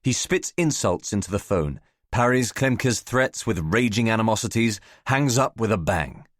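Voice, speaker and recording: A man narrating a novel in the first person, in a measured storytelling manner. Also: on the low side, lively intonation, no room sound, studio quality. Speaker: audiobook narrator.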